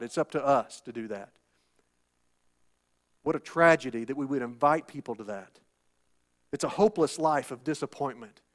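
A male pastor preaching a sermon, asking rhetorical questions and repeating phrases for emphasis. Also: fairly high pitch. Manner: rhetorical questions, call-and-response "Amen?".

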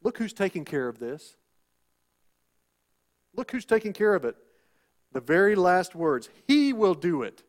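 High-voiced preacher calling "Amen?". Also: male voice, lively intonation, unhurried, pauses often. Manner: rhetorical questions, call-and-response "Amen?"; emphatic, repetitive preaching. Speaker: pastor. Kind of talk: sermon.

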